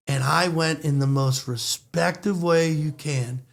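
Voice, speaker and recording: A man who is a podcast guest, telling stories in a casual chat with a loud voice that turns squeaky when he gets excited. He talks in an animated way and often jumps into the conversation. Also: normal speed, few pauses.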